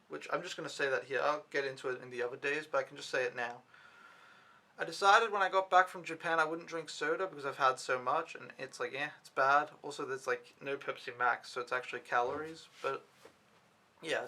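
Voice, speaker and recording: Bright-voiced young man rambling casually. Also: a little high. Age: young adult. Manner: rambling, swears freely, filler-heavy storytelling. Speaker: au pair vlogger. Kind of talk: casual vlog recap.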